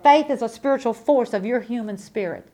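A woman preaching a sermon, emphatic and repetitive, with folksy asides to the congregation and swings from loud to soft. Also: a little high, a little fast.

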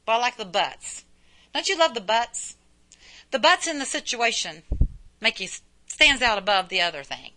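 A woman's voice: on the high side, very animated, normal speed, bright, forceful tone. A middle-aged woman preaching a sermon in a folksy way, full of rhetorical questions and repetition.

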